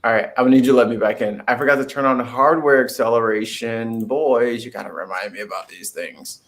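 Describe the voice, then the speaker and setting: A man's voice: medium pitch, fast talker, a bit bright. Joking man in a casual group chat. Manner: joking, giggly, playful. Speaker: guest.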